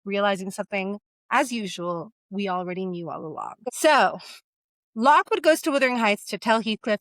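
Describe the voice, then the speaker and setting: A young woman co-hosting a casual book discussion, animated, slipping into voices for characters. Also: a little high, normal speed, no room sound. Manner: animated, acts out characters in quoted asides. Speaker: podcast co-host.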